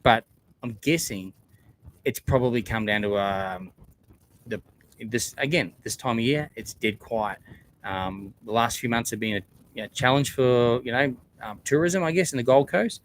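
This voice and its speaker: A man's voice: mid-range voice, moderate pace, a little hiss or hum. A man hosting a casual livestream chat, talking earnestly in a rambling way with many fillers and restarts. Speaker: theme park YouTuber hosting a livestream.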